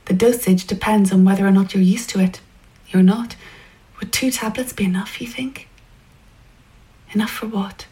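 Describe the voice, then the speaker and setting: A woman narrating a story in the second person, in a hushed, intimate way that often sinks toward a whisper. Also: medium pitch, fairly even intonation, moderate pace, pauses often, low-quality recording.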